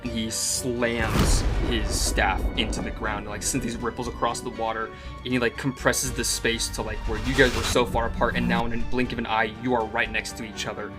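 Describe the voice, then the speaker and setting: Dm guy narrating, low flat voice, says like a lot, music under him. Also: a little fast. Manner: descriptive, with many filler "like"s. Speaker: game master. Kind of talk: narrating a tabletop game.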